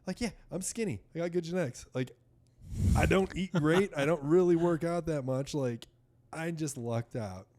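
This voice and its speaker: A man's voice: a little high, normal speed. A man in his thirties telling a story in casual podcast chat, swearing and acting out the people he quotes. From United States. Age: 30s. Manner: animated, swearing, acts out doctors in quoted voices. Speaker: podcast guest.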